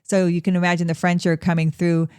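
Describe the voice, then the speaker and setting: Lowish-voiced woman explaining history. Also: flat delivery, quick pace, a little mellow, smooth, no room sound, clean studio sound. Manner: explanatory, storytelling. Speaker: podcast co-host and historian. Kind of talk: casual history discussion.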